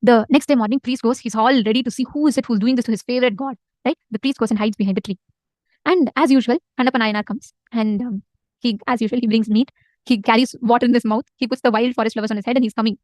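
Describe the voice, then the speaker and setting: A woman retelling a devotional legend in casual spoken style, animated and emphatic, repeating phrases for effect. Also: fairly high pitch, racing, no echo. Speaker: storyteller in a spiritual session.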